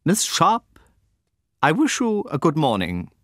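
A man's voice: on the low side, very animated, normal speed, fairly bright tone, dry recording, clean studio sound. A man reading an audiobook, voicing a stern elderly schoolmistress who speaks in a cold, formal, imperious way. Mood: icy. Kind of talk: audiobook character voice.

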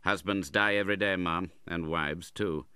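A man's voice: low voice, fairly even intonation, normal speed, sharp tone, clean tone, no echo, clean studio sound. A man reading the part of a cold, hard-hearted middle-aged moneylender in an audiobook, speaking curtly and sternly. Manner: curt and stern.

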